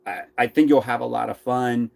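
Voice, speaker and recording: A man's voice: mid-range voice, steady tone, moderate pace, gravelly, a little mellow. A man with a Philadelphia accent co-hosting a casual RV chat, rambling and laughing often. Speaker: RV vlogger co-host.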